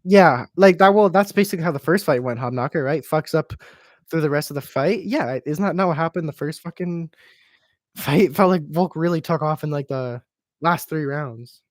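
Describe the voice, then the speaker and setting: Male streamer, slightly high voice, foul-mouthed and mocking, dry close sound. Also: moderate pace, no room sound. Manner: crude, profane, mocking banter. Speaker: streamer hosting a watch party. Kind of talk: casual live reaction commentary.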